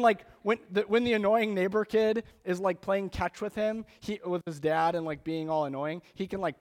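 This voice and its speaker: A man preaching a sermon in a conversational, animated storytelling way, acting out little scenes as he goes. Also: high-pitched. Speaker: pastor.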